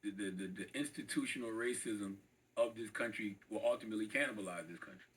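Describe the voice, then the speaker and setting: A man's voice: lowish voice, quick pace, breathy edge, recorded from a distance, rough recording. A man interviewing a guest, mostly giving short affirming interjections.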